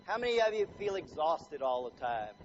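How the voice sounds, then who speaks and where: A middle-aged man giving a seminar talk to a live audience, animated and jokey, acting out little scenes. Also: fairly high pitch, moderate pace, faint music behind. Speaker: motivational speaker. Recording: dull lo-fi recording, faint ambience.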